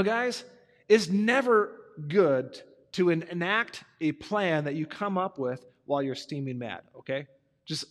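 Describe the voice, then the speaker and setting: Man, preacher, conversational storytelling sermon, high voice, echoey hall. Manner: animated, conversational, acting out the characters. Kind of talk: sermon retelling a story to young people.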